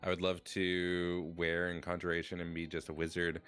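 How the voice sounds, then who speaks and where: Deep, smooth-voiced male streamer. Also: normal speed. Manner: rambling, filler-heavy, with sudden bursts of excitement. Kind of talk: casual stream chat.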